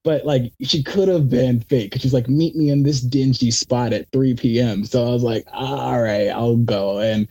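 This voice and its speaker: Husky-voiced young man telling rambling stories. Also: medium pitch, measured pace, few pauses. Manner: rambling, animated storytelling with acted quotes. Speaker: magician guest. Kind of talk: casual interview storytelling.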